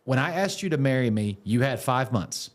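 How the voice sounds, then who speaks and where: A man from Alabama with a Southern accent, co-hosting a podcast in relaxed chat, easygoing and jokey, often repeating his words. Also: medium pitch, normal speed. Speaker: podcast co-host. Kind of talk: casual chat.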